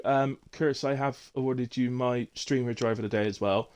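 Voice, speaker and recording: A man's voice: medium pitch, steady tone, a little fast, a little mellow, smooth. A man hosting a casual post-race chat on his live stream, chatty and teasing, with lots of fillers. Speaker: streamer hosting a sim racing league.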